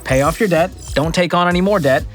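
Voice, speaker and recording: A man in his thirties with a fairly high voice, riffing sarcastically as he reacts to clips. His delivery jumps around for comic effect, and soft music plays underneath. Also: fast talker. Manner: sarcastic, jokey, big pitch swings. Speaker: host. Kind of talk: reaction video commentary.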